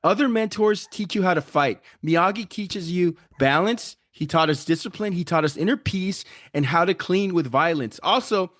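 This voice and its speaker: Brief: high-pitched man, fired-up comedic podcast pitch, dry close sound. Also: normal speed, few pauses, fairly bright tone, no echo. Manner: hyped, joking, profane. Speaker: podcast co-host. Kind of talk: comedic movie debate.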